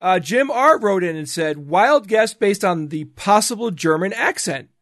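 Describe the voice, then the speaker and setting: A playful man co-hosting a podcast reads out listener emails in loose, casual chat. His voice sits high for a man and sounds close and dry. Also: lively intonation, unhurried, a bit bright, no echo. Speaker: co-host presenting a listener quiz segment.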